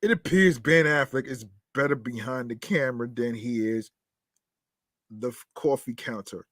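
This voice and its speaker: On clean studio audio with no room sound, a podcast host with a medium-pitched, fairly bright voice reads news stories aloud at normal speed. He adds casual commentary, swears freely, laughs at his own asides, and trips over words as he reads.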